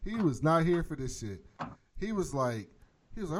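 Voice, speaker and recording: A man in casual chat, recapping a TV episode with animated, profane storytelling. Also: a little high, fairly quick. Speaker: podcast host recapping a TV episode. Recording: noisy with clicks.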